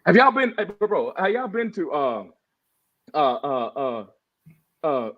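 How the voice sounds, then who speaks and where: A man's voice: a little high, sing-song, a little slow. A man co-hosting a podcast, delivering a heated, emphatic sports-talk rant and calling the others "bro". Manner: fired up, emphatic, says bro and y'all often. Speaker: podcast co-host. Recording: dull lo-fi audio.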